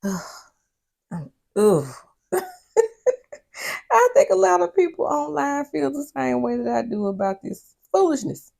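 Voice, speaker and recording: Sassy woman with a gravelly, husky voice. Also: high-pitched, sing-song, a little slow, pauses often, a little mellow. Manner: sassy, exclaiming, blunt. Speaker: TV recap host. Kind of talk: casual episode recap commentary.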